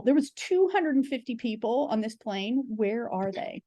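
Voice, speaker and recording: A fairly high-voiced woman tells frank, chatty comic stories as a podcast guest, slipping into quick acted voices for the people in them. The sound is dry and close, with no room around her. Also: lively intonation, darkish tone, no echo. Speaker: guest comedian. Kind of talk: candid comic storytelling.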